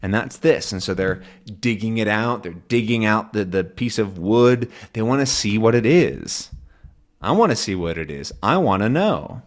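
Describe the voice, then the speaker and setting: A man teaching English to learners, explaining a comic slowly and patiently, repeating and rephrasing, often checking "right?". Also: fairly low pitch, expressive. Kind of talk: slow explanation for language learners.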